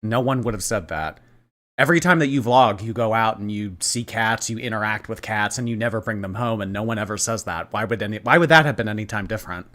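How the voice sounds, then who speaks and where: This livestreamer talks fast in a fairly low voice. His casual chat is full of sarcasm and teasing, delivered with lively intonation.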